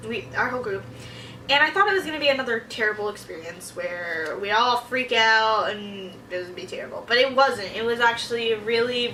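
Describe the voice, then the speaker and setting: A bright, forceful young woman chatters through a rambling vlog, her voice sitting a little high. She tells her stories excitably and acts out her own reactions. She sits back from the mic in a roomy, echoing space. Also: a little hiss or hum. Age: young adult. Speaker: vlogger. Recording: echoey room, mic at a distance.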